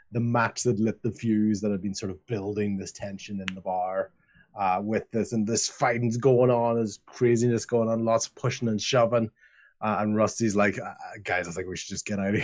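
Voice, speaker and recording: A man's voice: mid-range voice, darkish tone, muffled recording. A man narrating as game master of a tabletop game, rambling with lots of fillers.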